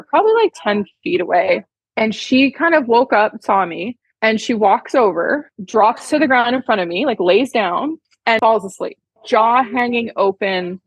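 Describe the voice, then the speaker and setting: Chatty, heartfelt woman with a husky voice, recorded dry. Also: mid-range voice, no room sound, rough recording. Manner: chatty, heartfelt, many "like" fillers. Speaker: podcast guest, horse trainer. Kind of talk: casual storytelling interview.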